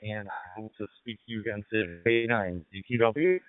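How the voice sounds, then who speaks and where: A man with a fairly low voice comes through a thin, phone-like digital radio channel. He talks hesitantly from his car, filling pauses with "uh" and "um" as he makes his ham radio contact. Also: crowd noise. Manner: hesitant, many fillers. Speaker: amateur radio operator. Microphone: mobile radio handset.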